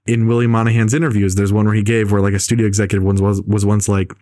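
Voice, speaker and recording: A man's voice: lowish voice, flat delivery, fast talker, few pauses, mellow, no echo, clean studio sound. A man hosting a casual podcast chat, talking at length and rambling with lots of fillers. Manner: talkative, rambling with many fillers. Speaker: podcast host.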